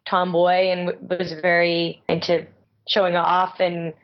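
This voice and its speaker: Female guest, naturally raspy, casual and chatty, lo-fi line. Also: on the low side, completely flat delivery, unhurried. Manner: chatty, lots of "like" fillers, laughs often. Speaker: guest voice actress. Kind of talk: casual interview chat.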